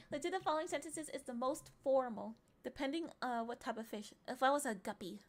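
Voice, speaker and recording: A woman streamer with a high, light voice chats casually as she reads quiz options aloud. She teases her viewers playfully and often slips into soft murmurs and whispers. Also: fairly quick, hardly any pauses. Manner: playful and teasing, often breaking into giggles. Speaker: livestreamer. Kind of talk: casual livestream chat, reading quiz questions aloud.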